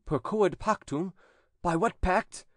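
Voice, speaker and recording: A man's voice: high-pitched, slow pace, no room sound, studio quality, voice pushed up. A male narrator voicing a stern priest-exorcist who puts formal, commanding questions to a demon.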